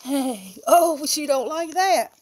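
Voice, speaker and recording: A woman's voice: sits high, expressive, slow, darkish tone. A woman who breeds goats, chatting casually and cooing affectionately to her animals. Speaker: goat breeder and vlogger.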